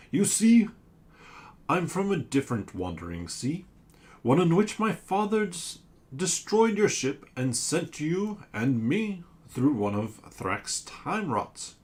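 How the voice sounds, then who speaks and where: A man voicing a giant male squid-like sea monster, speaking in a loud, theatrical, booming voice for a storybook game.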